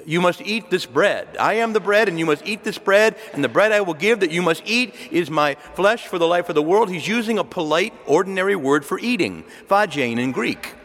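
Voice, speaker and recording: A man preaching a sermon in a lively, conversational storytelling way, acting out quoted dialogue. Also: high-pitched, a little fast, hardly any pauses. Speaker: Catholic preacher. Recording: long hall reverb.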